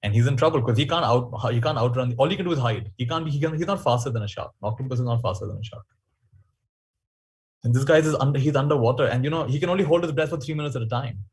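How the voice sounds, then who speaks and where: A man speaking in a webinar, telling stories in an animated, reflective way. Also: medium pitch, fast, husky. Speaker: workshop speaker. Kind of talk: webinar talk.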